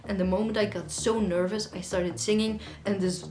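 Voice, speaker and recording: A woman's voice: medium pitch, steady tone, normal speed, a little mellow. A young woman, a singer-songwriter, answering viewer questions in a casual, rambling way with lots of fillers. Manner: chatty, rambling, with frequent fillers. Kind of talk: casual Q&A vlog. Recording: echoey room with faint music.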